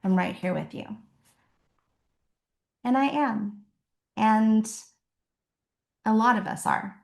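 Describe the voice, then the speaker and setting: A woman author speaking warmly and earnestly to an online audience, rambling a little with restarts, on a laptop microphone. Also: on the high side, takes it slowly, creaky, pauses often, reverberant. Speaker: author at a virtual book event. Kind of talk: heartfelt casual talk to an online audience.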